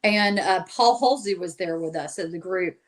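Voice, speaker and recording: A woman's voice: on the low side, normal speed. A woman on a podcast, telling of her field investigations in a chatty way, full of fillers and acted-out quotes. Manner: chatty, many fillers, acts out quoted voices. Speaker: paranormal investigator guest. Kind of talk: casual storytelling interview.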